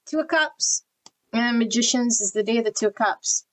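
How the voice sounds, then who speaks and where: A woman's voice: a little high, normal speed, rough recording. Blunt woman giving a tarot reading. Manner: blunt, spiritual, channels energy. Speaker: tarot reader. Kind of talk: pick-a-card tarot reading.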